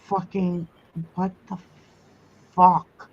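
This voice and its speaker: A woman's voice: fairly high pitch, slow pace, muffled recording. A woman hosting a casual livestream, ranting angrily with heavy swearing while reading viewer comments. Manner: angry, heavy swearing rant.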